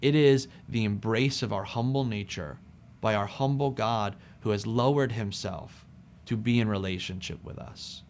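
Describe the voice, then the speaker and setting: A man preaching a sermon, speaking expressively and with emphasis, dropping soft on key phrases. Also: on the low side, moderate pace, a little hiss or hum.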